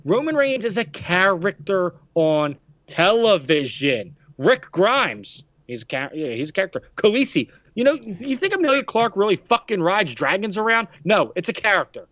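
An indignant man hosts a heated podcast discussion, firing off rhetorical questions. His voice sits a little high. The sound is dry and dull, like a lo-fi recording. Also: sing-song, moderate pace, a bit bright, no room sound. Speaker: podcast host.

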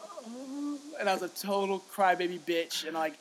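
A young man co-hosting a podcast, telling a story in casual chat, animated, swearing freely and acting out what people said. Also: high voice, brisk. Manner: animated, swears freely, acts out quotes, laughs often. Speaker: podcast co-host.

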